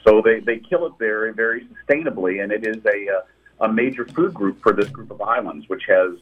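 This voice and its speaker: Heard on a tinny phone line, the guest is a novelist whose lowish voice moves at a moderate pace and carries a breathy edge. He muses through stories about his books in reply to interview questions, frequently breaking off and beginning again.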